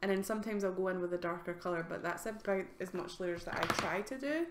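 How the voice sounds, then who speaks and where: A woman's voice: on the low side, quick pace. A woman streaming live as an artist, chatting casually with viewers, giggling and filling with ums. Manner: chatty, giggly, answers chat questions with fillers. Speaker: art streamer. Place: home art studio. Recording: roomy home recording with faint ambience.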